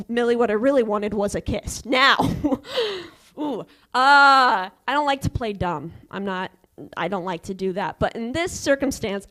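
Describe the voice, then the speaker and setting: A young woman performing a stand-up comedy set, telling stories haltingly with many fillers and deadpan punchlines. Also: fairly high pitch.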